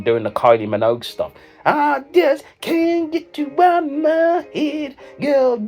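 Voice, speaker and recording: Reacting to dating profiles, this male comedy vlogger riffs with jokes and bits of song, rambling in slang and asking "you know what I mean" over and over. He speaks with a fairly low pitch and a darkish tone.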